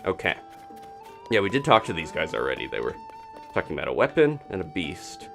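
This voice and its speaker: A man with a low voice gives casual commentary while he plays a game on a live stream. His delivery is lively and swings up and down, chatty and cheerful. Faint game music plays behind him. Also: brisk, gravelly. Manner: chatty and upbeat, laughs often, greets chat.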